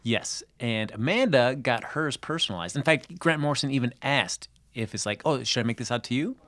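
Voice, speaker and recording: A man's voice: mid-range voice, expressive, a little fast, fairly bright tone. Man podcast co-host, mid-range voice, wry, grumbling self-deprecation. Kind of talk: casual chat. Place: podcast booth.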